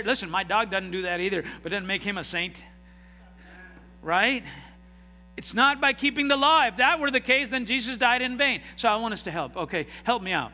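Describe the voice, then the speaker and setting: High, bright-voiced preacher in an echoey hall. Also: male voice, expressive, normal speed. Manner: call-and-response preaching, dramatic swings in loudness. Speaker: pastor. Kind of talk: sermon.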